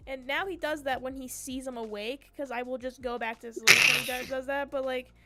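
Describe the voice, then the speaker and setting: A woman's voice: high-pitched, steady tone, brisk, heavy background noise. A woman streamer chatting casually and relaxedly while gaming, swearing now and then. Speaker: streamer, host.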